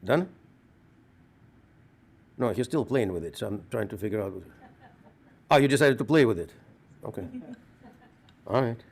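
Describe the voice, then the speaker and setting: A middle-aged man with a Russian accent, speaking as a rabbi giving an earnest funeral eulogy with measured storytelling. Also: lowish voice, animated, gravelly.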